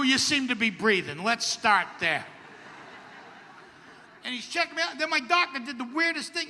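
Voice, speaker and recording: A middle-aged man works a stand-up set with a wry, self-deprecating, punchy delivery. His voice sits unusually high and cuts through sharply bright. The live stage sound carries a long reverb tail over faint crowd ambience. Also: slight background noise. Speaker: stand-up comedian. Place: outdoor comedy stage at a camp festival.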